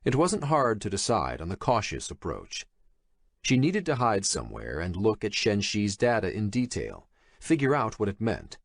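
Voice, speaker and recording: A man narrates a thriller audiobook, his low voice moving expressively through the lines. He reads in a measured way. The recording is close and dry. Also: huge pitch swings, vocal fry, no echo. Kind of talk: scripted horror thriller narration.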